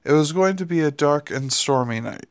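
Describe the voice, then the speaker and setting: A man's voice: a little high, animated, moderate pace. A man reading a novel aloud in a plain way, with small slips and restarts. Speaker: reader.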